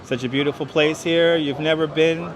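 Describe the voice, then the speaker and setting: Male livestream host, slightly high voice, upbeat and chatty, greets viewers one by one. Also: steady tone, normal speed, background noise. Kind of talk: walking livestream, reading chat aloud. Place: city streets and a large indoor station hall. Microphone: wireless clip-on mic.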